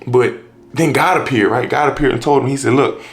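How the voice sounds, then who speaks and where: A man's voice: medium pitch, a little fast, gravelly. A man preaching in a loose, conversational way, often restarting his sentences and tagging them with "right?" and "you know". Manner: restarts and rephrases often, street-casual wording. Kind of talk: casual conversational sermon.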